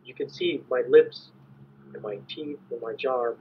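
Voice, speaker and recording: A man giving a measured, explanatory academic lecture as an invited conference speaker. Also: mid-range voice, a little hiss or hum. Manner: measured, explanatory, clears throat at times. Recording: dull lo-fi recording.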